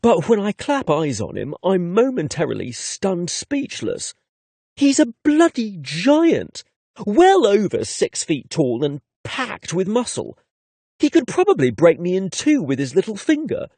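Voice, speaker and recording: A man's voice: high voice, huge pitch swings, unhurried, warm tone, husky, no echo. Cheeky male narrator. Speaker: audiobook narrator. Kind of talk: first-person romance narration.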